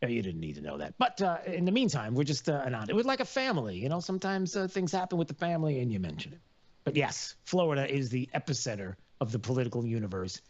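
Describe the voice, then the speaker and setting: A man hosting a live radio talk show, rambling with many fillers and sudden loud outbursts. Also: mid-range voice, big pitch swings, fast, dull audio.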